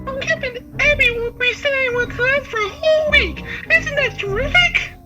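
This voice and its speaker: Man faking a shrill falsetto mom. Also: normal speed, music in the background. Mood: cheery. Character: excited mother, a grown woman.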